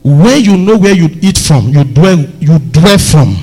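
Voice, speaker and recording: A man preaching a sermon, telling stories with lively swings and sudden shouts. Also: a little high, measured pace, slightly rough. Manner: animated, storytelling, bursts into shouts. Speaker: pastor.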